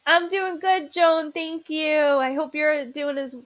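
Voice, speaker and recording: A woman's voice: high-pitched, slow, rough recording. A woman hosting a live psychic-reading stream from home, chatty and repeating viewers' names, stumbling over her words now and then. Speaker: psychic medium host.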